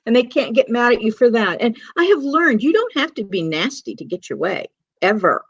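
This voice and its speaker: Woman host, higher voice, confident adviser, dull dry video-call audio. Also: big pitch swings, a little fast, husky, no room sound. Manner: advising, storytelling. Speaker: host of a panel chat show. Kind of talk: casual chat.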